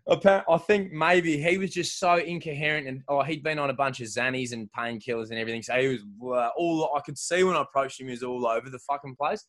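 A man's voice: mid-range voice, fast talker, hardly any pauses, fairly bright tone. An Australian man in casual chat, rambling and swearing heavily, laughing often as he tells stories.

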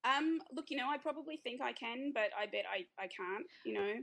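An Australian woman with a bright, sharp voice and a gravelly edge, chatting freely as a guest author. She laughs easily and often restarts her sentences mid-thought. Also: a little high, lively intonation, brisk. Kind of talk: casual interview chat.

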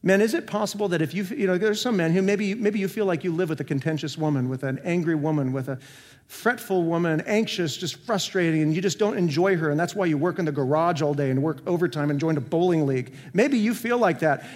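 A senior pastor with a higher male voice preaches fast and earnestly in a church sanctuary, and the recording carries a long hall reverb. He poses rhetorical questions and swings between emphatic and soft delivery.

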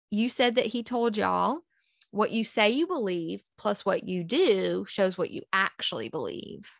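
A woman's voice: mid-range voice, vocal fry, no room sound, studio quality. A woman, a podcast guest, earnestly recounting a personal story and acting out past conversations in quotes.

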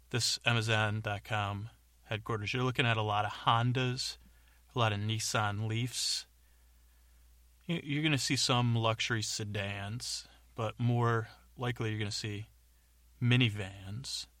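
Gravelly man telling a rambling comic story. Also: fairly low pitch, a little slow, bright, forceful tone, no room sound. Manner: rambling, tangent-prone. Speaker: podcast host and storyteller.

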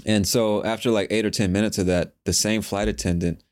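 Guy with a lowish voice telling a podcast story, swears a lot, laughs at himself. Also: steady tone, fairly quick, a little mellow. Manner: candid, profane, laughs at himself. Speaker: podcast host. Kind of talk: casual storytelling monologue.

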